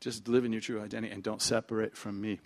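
A man's voice: lowish voice, little pitch movement, fast, darkish tone. A middle-aged man preaching a sermon as pastor, telling stories animatedly, acting out dialogue and dropping at times into whispers.

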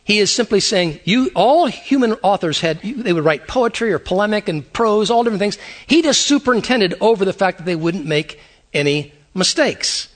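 A man preaching a sermon, animated and conversational, with repeated phrases and quick asides. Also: sits high. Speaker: pastor.

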